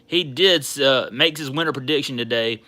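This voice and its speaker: A Southern man with a very bright, sharp-edged voice chats loosely to his livestream viewers. He rambles from one thing to the next in a folksy, excitable way, often jumping up in pitch when something thrills him. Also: moderate pace. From Georgia, US. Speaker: sports card channel host. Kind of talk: casual livestream chat.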